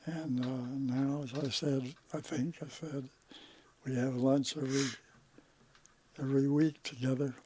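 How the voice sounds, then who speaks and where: A man in his eighties, a podcast guest in casual conversation, talking slowly with halting, trailing sentences and sounding tired. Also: mid-range voice, little pitch movement, mellow, a little hiss or hum. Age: 80s.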